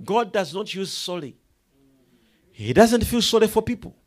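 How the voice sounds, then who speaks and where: A male preacher with a high, lively voice that leaps up and down across the pitch range. He moves between quiet, confiding asides and loud, emphatic proclamations, often acting out the people in his stories. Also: normal speed. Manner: quotes and acts out characters in the story, laughing. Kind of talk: sermon.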